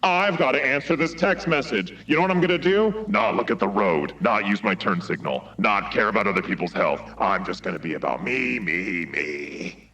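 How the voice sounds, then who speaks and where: A man voicing a gruff male robot leader who rants indignantly, through a radio-style filter. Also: fairly low pitch, lively intonation, normal speed, hardly any pauses, pushed and bright, far from the mic, a little hiss or hum, low-quality recording. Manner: blustering, indignant ranting. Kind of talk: comic live-stream impression.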